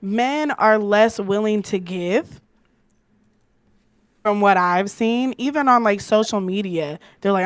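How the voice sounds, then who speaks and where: A woman's voice: mid-range voice, slow pace, dry recording. Conversational woman podcast host, dry sound. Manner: affirming, conversational, thinks aloud with restarts. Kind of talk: podcast interview.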